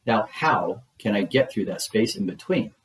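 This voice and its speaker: A man voicing a gentle, weary male elephant in a storybook read-aloud, speaking in an earnest, pleading way. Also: fairly low pitch, animated, moderate pace.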